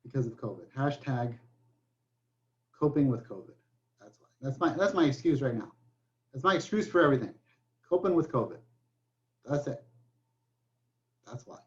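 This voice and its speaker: A man's voice: mid-range voice, expressive, normal speed, long pauses, muffled recording. A man teaching a recorded math lecture, joking in asides and saying okay often. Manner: joking asides, many okays. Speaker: math professor.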